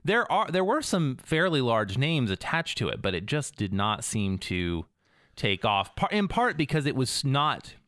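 A man co-hosting a podcast, chatting casually and thinking aloud in a measured way. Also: medium pitch, very animated, fairly bright tone, dry recording, clean studio sound. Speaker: podcast co-host. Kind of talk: casual chat.

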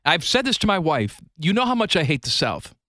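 A man's voice: on the high side, very animated, fairly quick, pushed and bright, no echo. A man co-hosting a radio talk show, bantering in a blunt, teasing, opinionated way into a studio mic. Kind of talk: casual banter.

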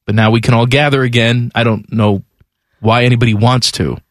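A man's voice: medium pitch, fairly even intonation, fairly quick, no room sound, clean studio sound. A man in his forties hosting a sports radio show, with casual, irreverent, wisecracking banter. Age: 40s. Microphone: studio microphone.

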